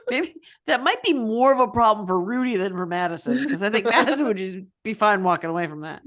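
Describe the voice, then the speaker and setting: Lively laughing woman podcast co-host. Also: mid-range voice, a little fast. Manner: animated, laughs often, exclaims. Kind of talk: casual chat.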